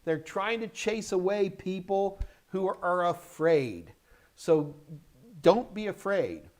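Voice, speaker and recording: A middle-aged American man hosts a live question-and-answer stream and hands out job-hunting advice. He is energetic and emphatic, and he hammers home short, repeated commands. His voice sits fairly high for a man and carries a slightly tired, yawny edge. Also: takes it slowly. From United States. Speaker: host answering viewer questions.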